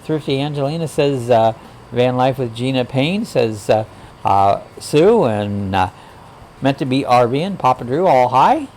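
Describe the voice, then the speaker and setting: A man's voice: medium pitch, lively intonation, a little slow, darkish tone, a little hiss or hum. A man hosting a casual livestream chat, reading viewer comments aloud and greeting people in a folksy, rambling way. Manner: rambling, frequent uh fillers. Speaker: livestream host.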